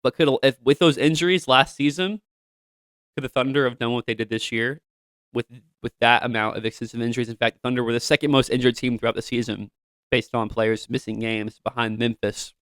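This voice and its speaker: A young man hosting his own sports show, talking to his listeners in an animated, hyped fan style with lots of asides. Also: medium pitch, fairly quick, clear, resonant tone, dry recording. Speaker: show host. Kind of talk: solo sports podcast talk.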